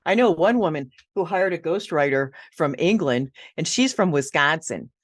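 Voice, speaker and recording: A woman guest on a podcast, telling animated stories about her writing work and laughing easily. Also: low voice, normal speed, no room sound, clean studio sound. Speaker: ghostwriter guest. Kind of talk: casual interview chat.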